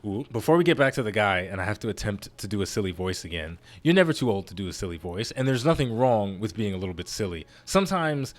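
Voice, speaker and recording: A man's voice: fairly low pitch, big pitch swings, fast talker, few pauses. A man casually commenting while he plays a video game, rambling, laughing often and poking fun at himself. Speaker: gaming YouTuber. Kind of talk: casual let's-play commentary.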